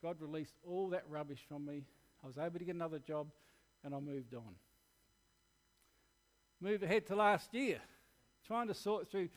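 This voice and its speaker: An Australian man delivering a sermon to his church, earnest and candid as he shares his own story. His voice sits a touch higher than most men's, and he speaks plainly and directly. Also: normal speed, long pauses. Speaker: preacher.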